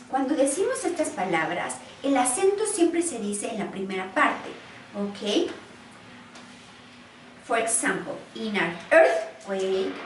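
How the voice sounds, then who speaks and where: A woman's voice: mid-range voice, slight background noise. A woman teaching an English class, patient and explaining each phrase with repetition. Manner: slow, patient, repeats and translates each phrase. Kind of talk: online class instruction. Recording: roomy, distant recording.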